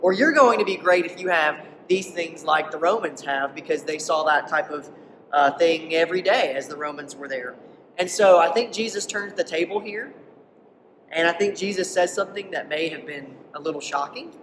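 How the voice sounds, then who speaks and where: A man's voice: fairly high pitch, normal speed, noisy background. Man, preacher, conversational sermon, emphatic, rhetorical questions, distant mic, long church reverb. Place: church hall.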